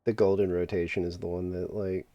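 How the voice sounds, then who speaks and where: A man's voice: sits low, fairly quick, no echo, muffled recording. A man streaming a game and chatting casually, telling stories with lots of laughter and swearing. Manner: animated storyteller, laughs often, swears freely. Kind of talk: casual chat while gaming.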